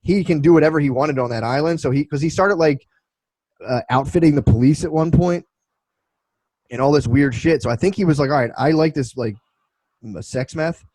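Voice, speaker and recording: A man's voice: on the high side, fairly quick, darkish tone, no room sound, rough recording. A man in his twenties co-hosting a casual podcast, telling loose, profane stories full of restarts. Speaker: podcast co-host.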